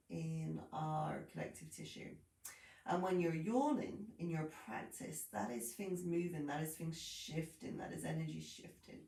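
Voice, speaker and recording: A woman teaching a guided yoga class, cueing softly and gently as she practises on her mat. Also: fairly low pitch, vocal fry. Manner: soft, gentle cueing with frequent yawns and light laughs. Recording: roomy echo, voice from a distance.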